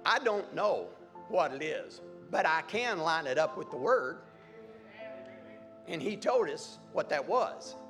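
A man's voice: fairly high pitch, big pitch swings, slow pace, fairly bright tone, soft background music. A man preaching a sermon, repeating phrases emphatically and building to fervent cries. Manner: preaching with rising fervor, repetitive emphatic phrasing.

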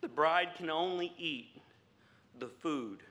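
A man preaching a sermon, laughing often and building up to loud exclamations. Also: a little high, slow pace. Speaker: pastor.

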